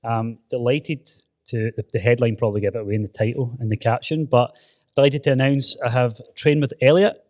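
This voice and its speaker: A Scottish man hosts a casual podcast, upbeat and chatty. His voice sits at an ordinary middle pitch. He keeps the tone friendly and informal, calling his guest "mate". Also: steady tone, brisk, darkish tone. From Scotland. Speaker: podcast host. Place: gym.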